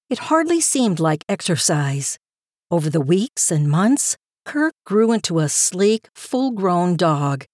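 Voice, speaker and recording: A woman reading a story aloud in a calm, even storytelling manner with a gentle lilt. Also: medium pitch, no room sound, studio quality. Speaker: narrator. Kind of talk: scripted story narration.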